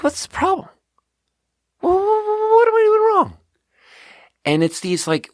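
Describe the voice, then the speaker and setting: A man hosting a podcast, telling a long story about his restaurant work in a casual, animated way with lots of filler words. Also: no room sound, studio quality. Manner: animated, acts out quoted voices with big pitch jumps; frequent fillers like "like" and "you know". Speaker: podcast host; restaurant server.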